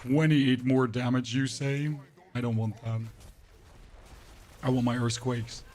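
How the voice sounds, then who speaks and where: Unhurried and a little mellow, with a steady tone, a man streams a game and rambles chattily to his viewers. He pushes his voice deeper than usual with little emphasis, and it sounds hoarse and off.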